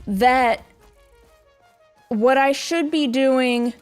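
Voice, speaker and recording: A young woman hosts a casual game stream and chats to her viewers in a goofy, self-mocking way. Her voice sits a little high, and she talks at an unhurried pace. She giggles often and laughs at herself. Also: clear, resonant tone, soft background music. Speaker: VTuber streamer.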